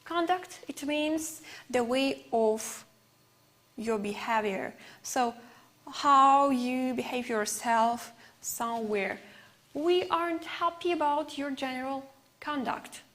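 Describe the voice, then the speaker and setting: On a televised English lesson, a teacher whose first language is Uzbek takes things slowly, repeating examples and leaning on fillers. Her voice sits high and is a bit bright.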